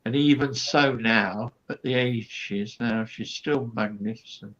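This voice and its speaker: Man, guest comedian, rambling anecdote, very slow delivery, dull sound. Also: mid-range voice, a bit bright. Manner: storytelling with quoted asides and fillers.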